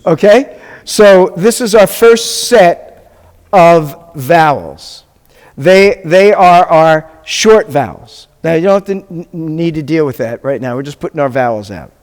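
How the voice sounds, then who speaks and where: A man's voice: on the high side, lively intonation, unhurried, darkish tone. A man, a rabbi, teaching a live Hebrew class, drilling sounds with the students and making joking asides. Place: congregation classroom. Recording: long reverb in a hall.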